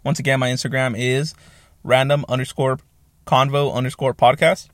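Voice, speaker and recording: A man's voice: medium pitch, level tone, moderate pace, dry recording, clean studio sound. A man in his thirties hosting a solo podcast from a small soundproofed home office on a new mic, talking in a rambling, casual way, swearing freely and correcting himself as he goes. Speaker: podcast host.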